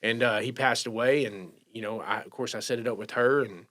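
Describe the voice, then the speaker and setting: A man telling a personal recovery story in casual talk, halting and emotional, with many restarts. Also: medium pitch, fairly bright tone. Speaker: podcast guest sharing recovery story.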